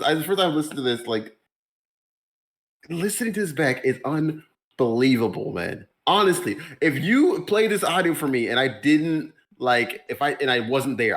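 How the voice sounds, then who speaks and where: A man co-hosting a podcast among friends, talking in an incredulous, swearing, animated way. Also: medium pitch. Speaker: podcast co-host. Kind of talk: casual chat among friends.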